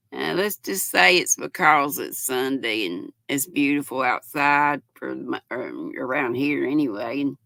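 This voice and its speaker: An older woman in her sixties hosts a relaxed livestream, reading comments aloud and greeting each viewer as sweetheart or honey. Her voice is gravelly and cracks at times, with a bright edge and an unhurried pace. The sound is close and dry. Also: deep voice, dry recording. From North Carolina. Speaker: livestream host.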